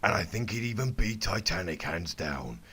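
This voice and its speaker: A young man giving a halting, deadpan comedic reading of a bad fanfic. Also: low-pitched, slightly rough. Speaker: YouTuber reading fanfic aloud. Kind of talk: mock-serious comedic reading.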